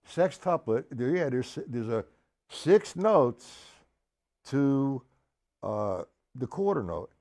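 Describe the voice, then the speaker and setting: A man teaching a live-streamed drum lesson, explaining patiently, calling viewers by name and counting beats aloud. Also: medium pitch. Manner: counts loudly over his own drumming. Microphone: live stream setup. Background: drums playing.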